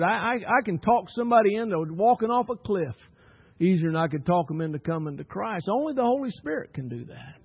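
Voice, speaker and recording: A man delivering a sermon in a high, ringing voice. He leans hard into key words, then drops to quiet asides. The sound is dry and a little dull. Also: lively intonation, normal speed, husky, dry recording. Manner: swings between loud emphatic bursts and soft asides. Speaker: pastor.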